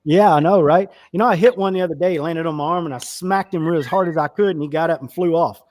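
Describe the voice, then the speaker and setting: A man's voice: fairly high pitch, quick pace, darkish tone. A man from Texas, a country singer chatting as a guest, easygoing and polite. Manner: easygoing, polite, laughs often. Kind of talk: casual interview chat.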